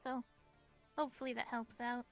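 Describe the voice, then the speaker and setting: A woman's voice: a little high, flat delivery, normal speed, soft background music. A woman roleplaying casually, friendly and giggly, explaining diplomatic talks. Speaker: roleplayer, character named Runa. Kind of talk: casual in-character chat.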